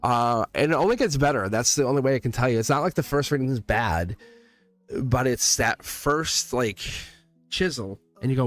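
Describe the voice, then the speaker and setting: A man's voice: mid-range voice, expressive, moderate pace. A man reading tarot on a livestream, chatting casually, laughing often and rambling through stories where he keeps quoting himself. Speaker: tarot reader. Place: home studio. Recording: faint music behind.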